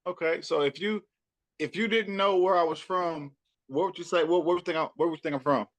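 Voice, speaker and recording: Man, Southern US accent, casual interview guest, loose repetitive talk, higher pitch. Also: fairly quick. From Texas. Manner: loose, repetitive, laughing often. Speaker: rapper and podcaster guest. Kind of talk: casual chat.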